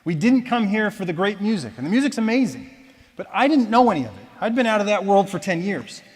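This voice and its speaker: A man with a somewhat high voice tells his personal testimony in a church, in a casual, self-deprecating way. He moves between lively storytelling and quiet, reflective moments. A long reverb from a large church hall trails behind each phrase. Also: fast talker, slightly rough. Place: church auditorium.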